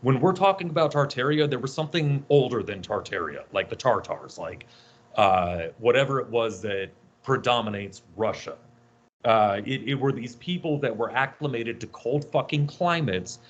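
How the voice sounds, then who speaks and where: A man's voice: medium pitch, animated, moderate pace. A man co-hosting a casual podcast, rambling through tangents and swearing freely. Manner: rambling, profane, tangent-prone. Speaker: podcast co-host. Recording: dull lo-fi audio.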